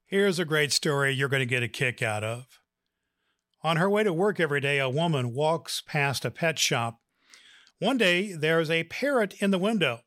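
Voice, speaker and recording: A man's voice: fairly high pitch, lively intonation, moderate pace, a bit bright, no echo, studio quality. A man hosting a podcast, giving earnest, motivational encouragement and telling a joke. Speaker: podcast host.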